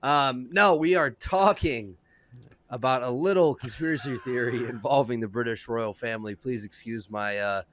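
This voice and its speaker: A man's voice: medium pitch, moderate pace, a bit bright. A man hosting a podcast in loose, irreverent casual chat, joking with his co-hosts on a close mic. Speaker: podcast host.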